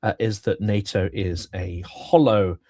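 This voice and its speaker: A man co-hosting a political talk show, measured and emphatic, his voice worn from talking. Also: lowish voice, fairly even intonation, darkish tone, no echo. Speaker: co-host. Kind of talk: political commentary.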